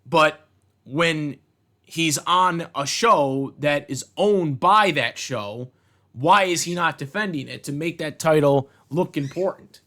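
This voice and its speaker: High-voiced man on an angry profane rant. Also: takes it slowly, sharp tone. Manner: heated, profane, repetitive. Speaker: wrestling commentator ranting on his channel.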